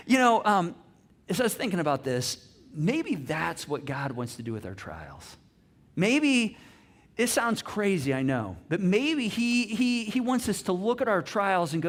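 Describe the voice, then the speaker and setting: A middle-aged man preaches with a somewhat high voice, rising to loud emphasis and then dropping to near hush. He stumbles over repeated words as he presses a point. He turns to the congregation with questions. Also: moderate pace. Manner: animated, swings from loud emphasis to soft hushed lines. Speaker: pastor. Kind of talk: sermon.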